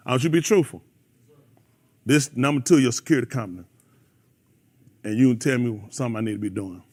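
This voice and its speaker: A man's voice: medium pitch, fast. A man preaching a fiery sermon, calling out members of the congregation by name. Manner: animated, preachy, calls out listeners by name.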